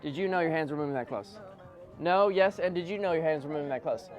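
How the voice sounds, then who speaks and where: A male stage hypnotist with a high voice who talks at a rapid clip. He moves between repetitive, soothing induction lines and breezy, joking patter. A faint audience can be heard in the room around him. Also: faint music behind, a faint crowd. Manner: rhythmic, repetitive hypnotic suggestions, sinking low and soft on "deeper and deeper"; chatty, joking asides to the audience. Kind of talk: live hypnosis show with volunteers. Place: corporate event room with an audience.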